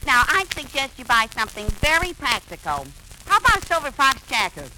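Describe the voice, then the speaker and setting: A woman's voice: sits high, sing-song, fairly quick. An actress playing a bossy, scheming young woman in a 1940s radio comedy, brash and theatrical. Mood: wheedling. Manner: brash, theatrical, flustered when caught out. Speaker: comic lead. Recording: hissy 1940s radio recording.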